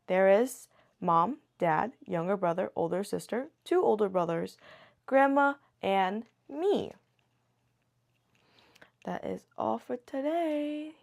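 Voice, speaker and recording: A woman teaching a beginner language lesson in a slow, patient way, muttering and correcting herself as she writes. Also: medium pitch, lively intonation, creaky. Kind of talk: casual beginner lesson, writing on board.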